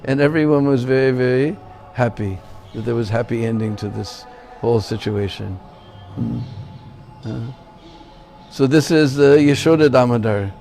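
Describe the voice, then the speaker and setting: A man's voice: mid-range voice, normal speed, vocal fry, over music. A man preaching in a temple, telling a sacred story and checking in with his listeners. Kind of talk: sermon storytelling.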